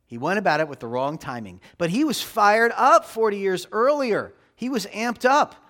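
A man's voice: sits high, a bit bright. A man preaching a sermon, emphatic, with a voice that rises and drops for effect. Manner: emphatic preaching with rising and dropping delivery. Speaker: pastor.

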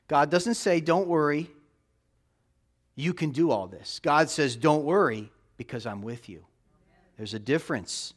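Emphatic male preacher, rather high voice. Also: expressive, a little slow, long pauses. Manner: emphatic preaching with rising and dropping delivery. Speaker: pastor. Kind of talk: sermon.

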